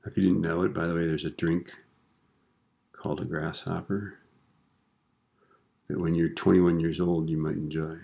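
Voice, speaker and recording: A man teaching a screen-recorded software lesson in a relaxed way, tossing in corny jokes and tag questions, recorded at a computer. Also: sits low, normal speed, creaky, pauses often.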